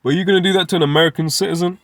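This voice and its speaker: An indignant man protests that he is being wronged, his voice pushed high above its usual range and pleading. A man puts him on as a mock impression in a teaching talk. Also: steady tone, very fast, no room sound, lightly acted. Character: indignant man claiming his American rights.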